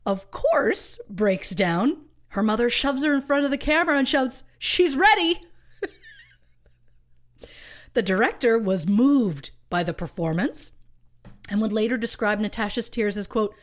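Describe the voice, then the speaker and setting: A woman's voice: a little high, lively intonation, normal speed. A woman co-hosting a podcast, telling a true crime story from her research with wry asides and light laughs. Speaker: podcast co-host.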